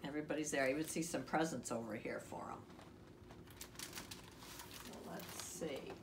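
A woman reading a children's picture book aloud with expressive voices and chatty asides to the listener. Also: low voice, normal speed, far from the mic. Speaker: storyteller. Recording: echoey room, off-mic, faint hiss.

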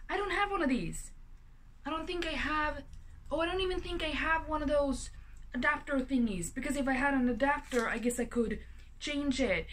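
In this laid-back unboxing video, a high-voiced young vlogger unwraps a parcel in her apartment while chatting to the camera at a moderate clip. Her talk is excitable and filler-heavy, broken up by gasps, exclamations, and wandering tangents, with a slight hiss under the homemade audio.

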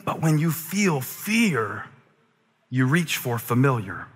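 A man preaching a sermon as a pastor, moving from quiet, conversational stretches to shouted, near-sung climaxes. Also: mid-range voice, sing-song, takes it slowly, husky. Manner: preaching with swings from quiet talk to shouted crescendos. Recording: long reverb of a large hall.

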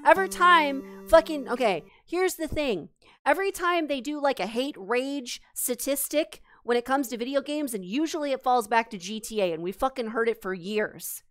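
High, smooth-voiced woman ranting hotly. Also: lively intonation, normal speed, fairly bright tone. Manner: angry, profane, exasperated, addresses chat. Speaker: streamer host. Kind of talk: heated live-stream rant.

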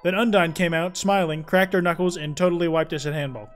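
A man's voice: fairly high pitch, fairly even intonation, brisk, faint music behind, lightly acted. A man voicing a chatty, rambling young schoolkid telling gossip. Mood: gossipy.

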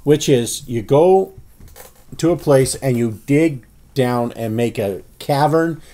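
A man's voice: medium pitch, takes it slowly, mellow. A man co-hosting a casual podcast chat, joking and laying out his ideas at length. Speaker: podcast co-host.

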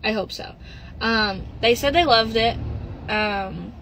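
A young woman on a phone livestream, venting and close to tears, halting, with lots of "like" and "literally" as she reads comments. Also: fairly high pitch, fairly bright tone, slight background noise, rough recording. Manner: frequent "like" and "literally", halting and upset. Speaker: livestream host. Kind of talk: casual livestream chat, reading comments.

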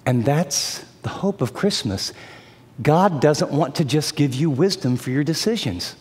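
A man preaching a sermon as an animated storyteller who acts out the voices of the people in his story. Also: on the high side, unhurried, in a large hall.

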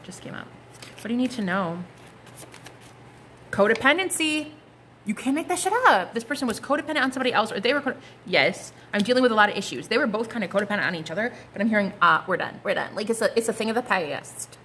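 A woman's voice: on the high side, animated, fast, fairly bright tone, slight background noise. A woman giving a casual, gushing tarot reading, full of slang and asides. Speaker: tarot card reader.

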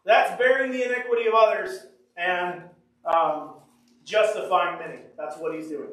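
A man's voice: high voice, normal speed, fairly bright tone. A male pastor preaching a sermon, reading scripture aloud and driving home points by repeating them. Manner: emphatic, repeats key lines, reads scripture aloud. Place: church sanctuary. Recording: echoey room, mic far off.

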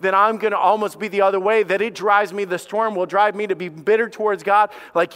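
A man's voice: steady tone, fairly quick, hardly any pauses, a bit bright, clear, resonant tone. A man preaching a sermon as pastor, impassioned, stammering over repeated words and acting out the voices of doubters. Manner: impassioned, acts out doubting voices with rising pitch.

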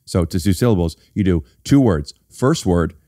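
A man with a low, mellow, expressive voice hosts a casual podcast at a normal speed, with no echo on his studio mic. He's a podcast host and actor whose explanations come across as playfully mock-serious.

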